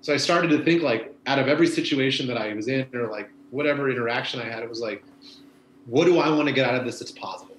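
A man's voice: mid-range voice, fast, a bit bright, reverberant, slight background noise, rough recording. A man, a former bike messenger, chatting casually and rambling with lots of fillers. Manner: rambling, laid-back, many fillers like "you know". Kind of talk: casual conversation.

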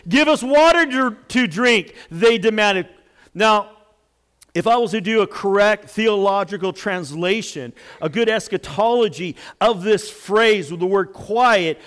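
Animated high-voiced male preacher. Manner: animated, jokey preaching with sudden loud outbursts. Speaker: pastor. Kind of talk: sermon.

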